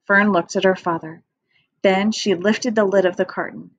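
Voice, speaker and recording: A woman's voice: fairly low pitch, steady tone, normal speed, dry recording, dull audio. Woman reading a storybook aloud. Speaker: teacher. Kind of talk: reading a children's book aloud.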